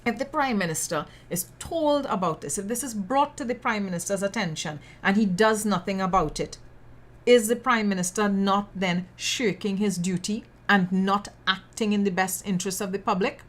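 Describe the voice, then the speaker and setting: A sassy Trinidadian woman delivers news commentary on her podcast with a mid-pitched voice. She is outspoken and blunt, and she leans on local slang. She repeats words for emphasis as she builds her case. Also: moderate pace. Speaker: podcast host.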